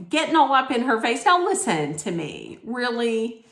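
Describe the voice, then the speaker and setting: A woman's voice: a little high, sing-song, normal speed, creaky, fairly bright tone, slight background noise. A woman ranting in a casual recap vlog, blunt, scolding and full of profanity. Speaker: reality TV recap vlogger. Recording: echoey room.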